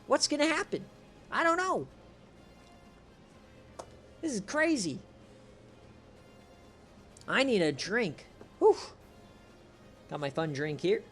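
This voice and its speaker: A man giving excitable, profane play-by-play of a streamed online football game, his voice strained from shouting. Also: slow, pauses often, soft background music. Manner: swings from shouted calls to low, relaxed chatter. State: straining voice, says he is losing it.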